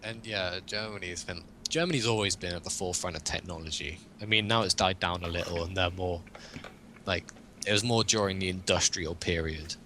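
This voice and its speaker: A man's voice: low voice, brisk, pushed and bright, a little hiss or hum. A young man hosting a casual chat, rambling and joking and laughing often. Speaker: podcast host.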